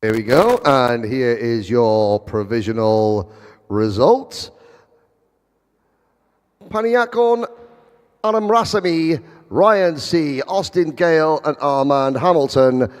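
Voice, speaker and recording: A man's voice: medium pitch, expressive, slow, long pauses, clean tone. A man giving live motorsport commentary, chatty with wry asides. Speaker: race commentator. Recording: long hall reverb.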